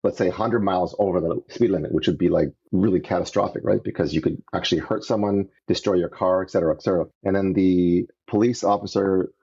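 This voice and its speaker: A man from Canada, a podcast guest, telling his story in an earnest, animated way and acting out the voices he quotes, on dull lo-fi audio. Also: sits low, fast, gravelly, hardly any pauses, breathy edge. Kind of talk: casual storytelling interview.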